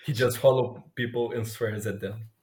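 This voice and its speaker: A man's voice: mid-range voice, fairly even intonation, moderate pace, darkish tone. A man co-hosting a podcast in casual chat, laid-back and swearing freely. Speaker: podcast co-host. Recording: echoey room.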